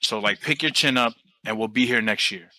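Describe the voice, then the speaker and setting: Bright-voiced New man telling stories. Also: mid-range voice, a little fast, no room sound, rough recording. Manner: relaxed, animated storytelling with casual swearing. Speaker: podcast guest, team coach. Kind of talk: casual interview storytelling.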